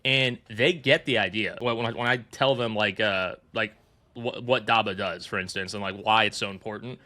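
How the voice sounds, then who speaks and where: A man's voice: lowish voice, fairly even intonation, moderate pace, bright, forceful tone. A man chatting casually as a podcast guest, rambling with lots of fillers and frequent laughs. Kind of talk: casual interview chat.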